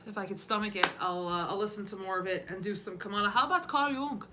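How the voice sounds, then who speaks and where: A woman's voice: medium pitch, level tone, quick pace, background noise. A woman doing a casual, rambling comedy monologue between her impressions. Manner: chatty, rambling, laughs at herself.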